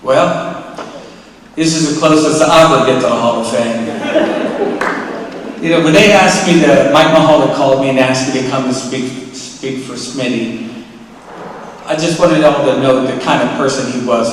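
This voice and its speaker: A man giving an animated storytelling speech at an award ceremony, acting out the voices in his stories. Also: mid-range voice, moderate pace, a little hiss or hum. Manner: animated, acts out quoted voices. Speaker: award acceptance speaker. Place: large hall. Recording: echoey hall, mic from a distance, faint ambience.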